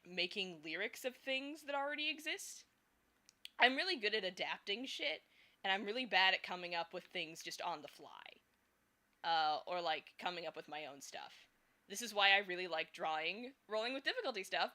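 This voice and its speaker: A bright, forceful, medium-pitched voice comes from a young woman streaming her fan art. She chats casually and thinks aloud as she draws, with frequent giggles between filler words.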